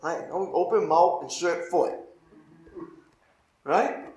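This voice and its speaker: A male pastor teaching a Bible study in a loose, conversational way. His voice sits a bit higher than most men's, and he keeps checking in with his listeners. The sound is echoey, as in a big open room. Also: takes it slowly, darkish tone. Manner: informal, keeps asking the listeners "right?".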